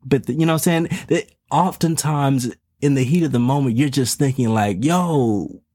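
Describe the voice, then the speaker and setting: A man's voice: mid-range voice, fairly quick, darkish tone, no echo, studio quality. A father of twin toddlers speaking in a casual, earnest monologue. He uses slang and repeats words as he talks. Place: home in Texas.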